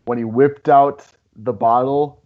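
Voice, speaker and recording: Excitable man on a lo-fi mic. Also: medium pitch, a little slow, a little hiss or hum. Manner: excitable, short reactions. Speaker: movie review co-host. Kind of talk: casual chat.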